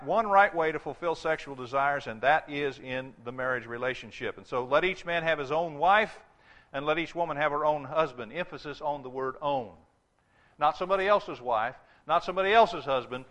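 A man delivers a sermon in a bright, fairly high-pitched voice. He presses his points with emphasis and repetition, slowing down to read scripture aloud. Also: highs cut off. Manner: emphatic, repeats phrases, reads scripture slowly. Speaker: preacher.

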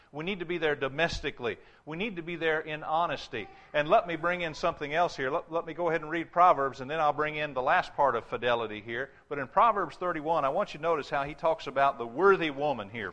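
A man delivers a sermon in a bright, fairly high-pitched voice. He presses his points with emphasis and repetition, slowing down to read scripture aloud. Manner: emphatic, repeats phrases, reads scripture slowly. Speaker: preacher.

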